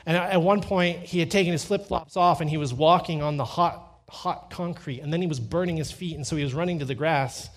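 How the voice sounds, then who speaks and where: A man's voice: a little high, brisk, hardly any pauses. Man preaching a sermon, storytelling. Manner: storytelling with animated quoted dialogue. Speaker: pastor.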